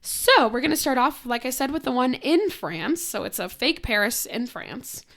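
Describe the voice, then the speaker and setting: A young woman co-hosting a casual podcast, hoarse from a cold and laughing often as she talks. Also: high voice, animated, normal speed, a bit bright. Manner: giggly, laughs often between lines. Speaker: podcast co-host.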